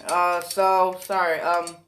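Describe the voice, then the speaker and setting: A rambling fan storyteller who drags through the story at an unhurried pace, full of fillers and swearing. The voice sits at an ordinary middle pitch, and the talk keeps doubling back to fix details. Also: flat delivery, fairly bright tone, slight background noise. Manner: rambling, profane, self-correcting, many fillers.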